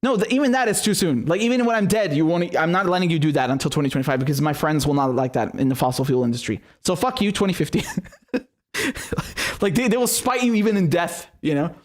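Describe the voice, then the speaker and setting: Sweary guy ranting about politics, fired up and sarcastic, voice sits kinda high. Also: animated, quick pace. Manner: angry, sarcastic, profane, mocking. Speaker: political commentary host.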